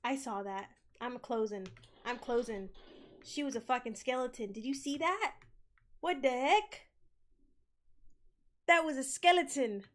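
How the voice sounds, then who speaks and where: A woman's voice: high voice, measured pace, pauses often. Jumpy young woman gaming streamer. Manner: jumpy, screams loudly at scares then chatters and apologizes. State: sick. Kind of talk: casual horror game commentary.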